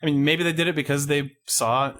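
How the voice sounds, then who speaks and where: A man's voice: fairly high pitch, fairly even intonation, a little fast, fairly bright tone. A man co-hosting a podcast, talking in a wry, joking, loose and rambling way. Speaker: podcast co-host. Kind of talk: casual chat.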